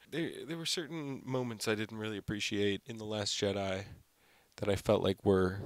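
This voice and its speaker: A young man hosting his own film channel delivers an unscripted, rambling review packed with "like" and other fillers. His voice is fairly low, and the recording is dry.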